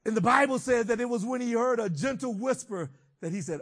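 Guy preaching, highish voice, gets loud and fired up then goes soft and thoughtful. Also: expressive, fairly quick. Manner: preaching with rising shouted emphasis, then dropping to quiet reflection. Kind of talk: sermon.

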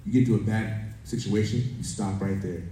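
A man's voice: fairly low pitch, fairly even intonation, brisk, mellow. A man preaching a sermon, telling a family story and reading scripture in a conversational way. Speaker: pastor. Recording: roomy echo from a distance, faint background noise.

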